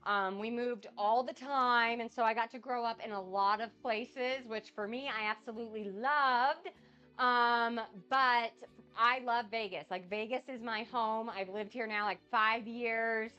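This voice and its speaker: Excitable woman chatting on her cooking stream, getting over a cold, bright sharp voice. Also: a little high, unhurried, smooth, dull audio, soft background music. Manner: bubbly, gushing and excitable. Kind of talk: casual live-stream chat.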